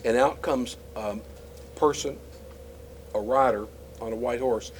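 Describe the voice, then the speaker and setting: A man's voice: mid-range voice, unhurried, a little hiss or hum, low-quality recording. A man teaching scripture in a conversational, explanatory way, with frequent fillers and restarts. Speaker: Bible teacher.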